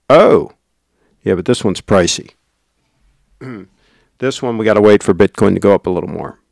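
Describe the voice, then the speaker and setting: A man's voice: lowish voice, measured pace, creaky, pauses often, darkish tone, dry recording, clean studio sound. A man hosting a casual livestream, rambling and reading out viewer comments. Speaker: livestream host.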